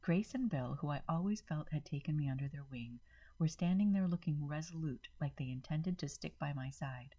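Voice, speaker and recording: Low husky woman narrating a story. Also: normal speed, muffled recording. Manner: steady first-person reading.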